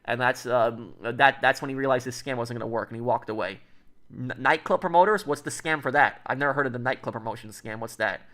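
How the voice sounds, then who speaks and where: A man's voice: mid-range voice, brisk, a bit bright. A man streaming and chatting casually with viewers, rambling with lots of fillers and restarts. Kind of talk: casual livestream chat.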